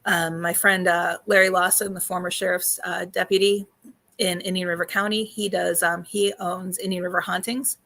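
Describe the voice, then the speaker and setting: A woman hosting a casual live stream, talking loosely with many fillers, greeting viewers, and a little hoarse as she loses her voice. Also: on the low side, level tone, normal speed, bright, forceful tone. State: slightly losing her voice. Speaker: host.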